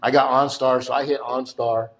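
Middle-aged man, mid-pitched, casual storyteller; loose and repetitive, leans on fillers, soft background hiss. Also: little pitch movement, normal speed, poor audio. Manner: rambling, filler-heavy, repeats phrases.

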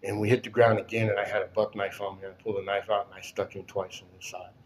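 A man in his sixties telling a personal story in a halting way, full of "and, uh", often sinking almost to a whisper. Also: fairly low pitch, level tone, a little hiss or hum. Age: 60s. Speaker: storyteller recounting his past. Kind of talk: personal testimony.

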